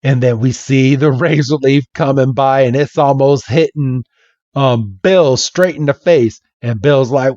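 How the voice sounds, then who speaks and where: A man's voice: medium pitch, measured pace, darkish tone, dry recording, highs cut off. A man hosting a podcast and retelling a comic chapter in a chatty, casual way. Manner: chatty, laughing storyteller. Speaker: podcast host.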